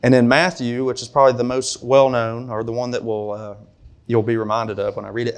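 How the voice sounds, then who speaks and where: A man's voice: mid-range voice, little pitch movement, a little fast, clean tone. A man preaching a sermon to a congregation in a conversational way, with asides and questions to the room. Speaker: pastor.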